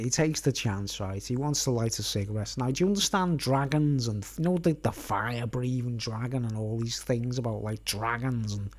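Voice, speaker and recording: A man's voice: medium pitch, a little mellow. A man tells a long personal story on a live stream. He rambles casually and keeps checking in with his listeners. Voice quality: conversational, constantly checks in with "right?".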